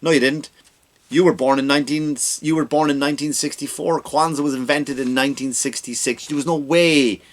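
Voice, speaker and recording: A man's voice: medium pitch, fairly even intonation, brisk. Man, comedy podcast host, sarcastic political rant, profane, rhetorical questions.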